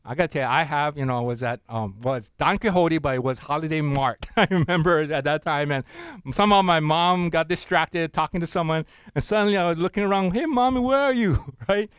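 A male pastor delivers an energetic sermon, prompting the congregation to read along and answer back. His voice sits a little high and sounds dry, with no room echo. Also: a little fast, smooth. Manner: energetic call-and-response preaching with laughs.

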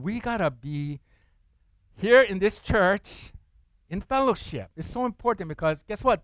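A man preaching a sermon with animated delivery, putting on excited voices in the quotes he acts out and asking the congregation questions. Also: on the high side, dry recording. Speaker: pastor.

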